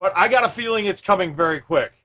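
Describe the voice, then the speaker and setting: A man hosting a live stream, chatting casually with viewers and thinking out loud as he plays a golf game. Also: high voice, lively intonation, fast talker.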